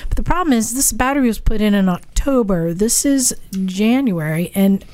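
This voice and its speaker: A woman co-hosting a podcast, telling a repair story in a casual, animated way. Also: mid-range voice, normal speed, a crowd in the background. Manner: storytelling, animated, laughs often. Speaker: motorcycle mechanic podcast co-host.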